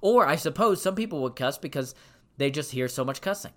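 A man teaching from the Bible in a sermon style, emphatic, repeating phrases for stress and reading verses slowly. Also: a little high, animated, fairly bright tone. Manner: reads scripture slowly and deliberately.

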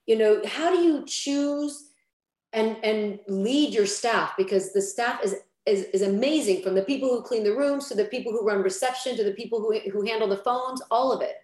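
A woman's voice: on the high side, normal speed, darkish tone. A woman hosting an interview, speaking reflectively and affirming her guest. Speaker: interviewer, podcast host. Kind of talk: casual interview chat. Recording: echoey room.

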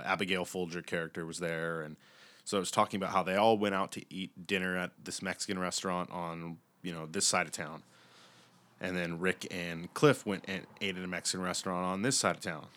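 A young man casually retelling a movie plot in a rambling, profane, animated way, acting out the characters' lines. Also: low voice.

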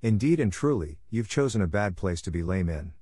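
A cold, vengeful cobra queen hisses her threats slowly and with taunting menace, as a man puts her on. The voice sits somewhat higher than the reader's own low tone. It is a storybook reading with a dry, close sound. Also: expressive, mellow, breathy edge, no room sound. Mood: menacing. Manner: hissing threats, slow and taunting.

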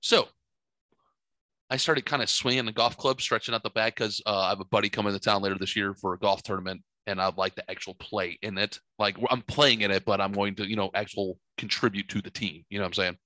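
A middle-aged man hosting a casual chat, telling rambling, profane, animated stories from his home studio. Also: lowish voice, fairly quick, dry recording. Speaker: podcast host.

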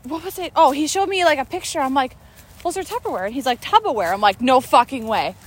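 A young woman chatting and laughing with a friend on a night walk outdoors, talking into a phone camera as she tells animated stories. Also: high voice, fast talker. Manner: giggly, animated storytelling. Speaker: vlogger. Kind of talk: casual chat on a night walk.

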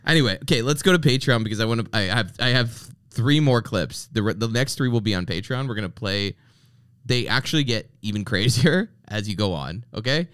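A man's voice: mid-range voice, a little fast, clean tone, no echo, studio quality. A man hosting a podcast, joking and sarcastic in casual banter. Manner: joking, sarcastic, animated storytelling. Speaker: podcast host.

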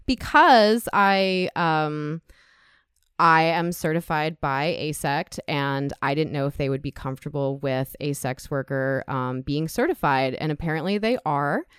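Brief: frank, heartfelt woman guest, clear resonant voice, dry close sound. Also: sits low, measured pace, no echo. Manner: candid, emotional, gets choked up. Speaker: podcast guest, sex educator. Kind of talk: casual podcast conversation.

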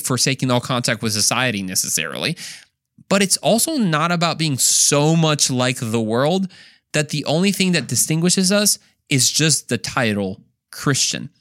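A man's voice: a little high, fairly bright tone, dry recording, clean studio sound. A man hosting a Bible lesson podcast, earnest and emphatic, rising on key points and sometimes poking fun at himself. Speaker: Bible study podcast host.

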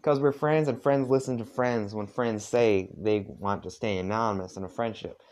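A man's voice: lowish voice, normal speed, darkish tone, lightly acted. A man voicing an aloof, sarcastic young man in a heavy put-on southern drawl. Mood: defensive.

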